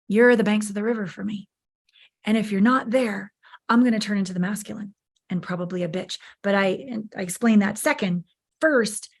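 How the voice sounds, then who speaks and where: Frank, emphatic woman coach. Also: medium pitch. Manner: frank, emphatic and expressive, swears freely. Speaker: guest, intimacy coach. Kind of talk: candid podcast interview.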